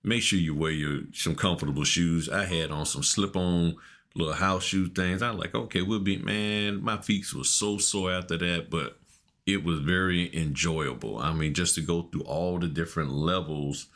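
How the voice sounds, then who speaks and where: Casting: low-voiced middle-aged man, relaxed slangy podcast storyteller. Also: moderate pace. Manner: laid-back, laughing, slangy storyteller. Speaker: podcast co-host. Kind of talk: casual storytelling chat.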